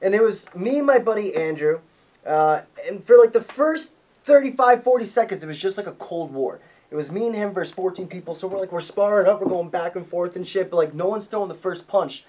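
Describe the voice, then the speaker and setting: A high-pitched male voice, well above the usual range for a man, carries this casual podcast storytelling. He is profane and excitable, piling on detail as the story builds. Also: fairly quick. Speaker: podcast host.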